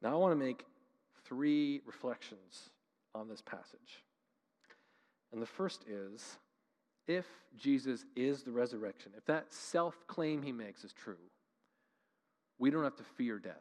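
A male pastor from Canada preaching a sermon with passion, moving between loud emphatic lines and quiet, slow ones. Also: medium pitch, expressive. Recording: long reverb of a large hall.

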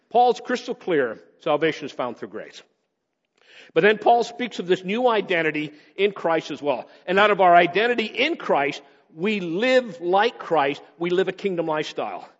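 A male pastor preaching a sermon, swinging between raised emphasis and quick, low asides. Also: sing-song. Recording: dull sound with long hall reverb.

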